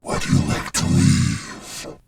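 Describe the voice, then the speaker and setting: A man voicing a deep, sinister shadow entity that speaks in a harsh whispered snarl. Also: takes it slowly, darkish tone, dry recording, natural voice. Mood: menacing.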